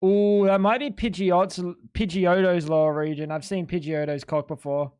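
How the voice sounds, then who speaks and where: Excitable, foul-mouthed streamer talking to chat. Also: mid-range voice, normal speed, smooth. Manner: excitable, profane, self-mocking banter. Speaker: live streamer. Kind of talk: live-stream gaming commentary to chat.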